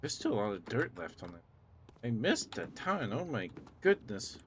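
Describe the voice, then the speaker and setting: Man, live streamer, sleepy morning voice, relaxed and chatty, medium pitch, faint background hiss. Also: unhurried. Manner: laid-back, chatty, thanks viewers. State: groggy morning voice. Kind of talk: casual live-stream chat.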